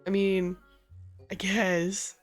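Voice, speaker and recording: Slow, wry woman streamer with game music. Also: mid-range voice, flat delivery. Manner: playful, sarcastic and profane. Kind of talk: casual live-stream commentary.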